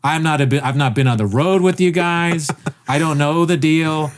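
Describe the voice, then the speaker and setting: A man's voice: fairly high pitch, moderate pace, a little hiss or hum. A man telling a rambling story in casual podcast chat, swearing and acting out what people said. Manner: rambling, animated, swears, acts out quotes.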